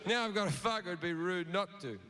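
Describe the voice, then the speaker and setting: On a theatre stage, a man with a high-pitched, expressive voice does a crude stand-up set at a brisk pace, telling a story and acting out its voices. The reverberant live recording picks up the audience and crowd noise.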